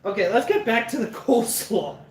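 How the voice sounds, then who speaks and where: A man's voice: high-pitched, animated, fairly quick. Chatty man in an echoey kitchen. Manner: chatty, laughs often, swears casually. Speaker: cooking streamer. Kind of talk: casual cooking livestream chat. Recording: roomy echo, mic at a distance, faint background noise.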